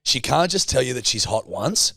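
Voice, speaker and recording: A man teases and swears his way through a casual podcast story. His voice is gravelly, with wildly swinging pitch. It sounds dry and close to the mic. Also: big pitch swings, moderate pace, bright, forceful tone, no room sound. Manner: teasing, laughs often, swears freely. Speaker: podcast co-host.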